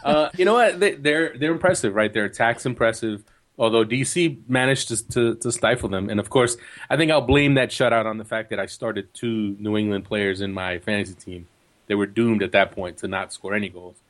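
A man from New Jersey co-hosts a casual soccer show in a low voice. He talks in a loose, chatty way and jokes with his co-host. His sentences often stop and start again. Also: brisk, a bit bright. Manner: chatty, joking, lots of restarts. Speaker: podcast co-host.

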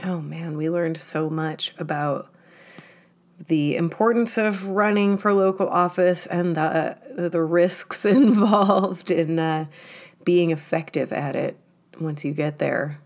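Slow, gravelly-voiced woman podcaster. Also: fairly low pitch, darkish tone. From upstate New York. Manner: laid-back, giggly, swears casually. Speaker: podcast co-host. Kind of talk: casual chat.

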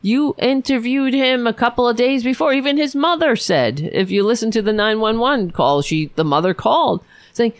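A woman's voice: a little high, lively intonation, moderate pace, few pauses, no room sound. A woman hosting a political podcast, ranting alone in an angry, sarcastic, profane way with many restarts. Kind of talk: ranting solo commentary.

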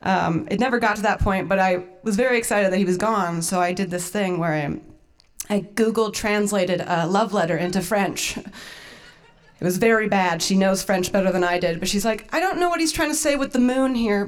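A young woman telling a funny personal story as host of a storytelling evening. She talks casually in a mid-range voice, mocks herself, and slips into laughter often. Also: mid-range voice.

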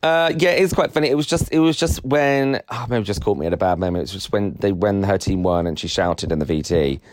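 Guy, podcast co-host, lowish voice that shoots up when he gets excited, chatty and rambly. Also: quick pace, dry recording, studio quality. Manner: rambling, laughs often, voice jumps high when excited. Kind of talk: casual chat.

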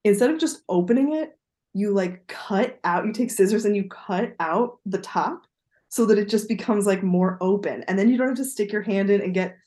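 A woman's voice: medium pitch, moderate pace, dark tone. Chatty woman podcast co-host. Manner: chatty and digressive, laughs easily. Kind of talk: casual chat.

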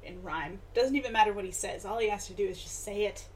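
A woman co-hosting a podcast, chatting in a wry, casual way that often trails off softly. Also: mid-range voice, fast, slight background noise. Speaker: podcast co-host. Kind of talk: casual chat.

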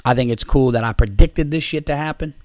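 A man hosting a podcast rants about sports in a casual, profane, sarcastic way. His voice sits in a middle pitch and sounds dry and close. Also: brisk, a little mellow, dry recording. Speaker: podcast host.

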